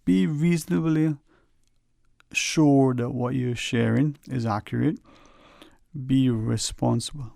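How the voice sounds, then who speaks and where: A man's voice: medium pitch, steady tone, takes it slowly, vocal fry, warm tone, no room sound. A man hosting a radio talk show, rambling and folksy with lots of "you know", earnestly advising listeners from a studio microphone.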